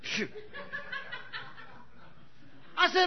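A man preaching a sermon in a bold, conversational way, dropping in "right?" asides and swinging from loud exclamations to quiet remarks. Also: very high voice, lively intonation, normal speed, dull audio. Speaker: pastor.

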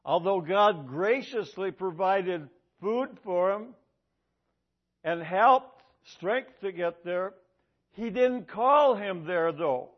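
Man, high-pitched voice, preaching a sermon, emphatic, repeats his points, muffled lo-fi sound. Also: expressive, slow. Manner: emphatic, repeats key lines for effect. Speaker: pastor. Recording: dull lo-fi recording.

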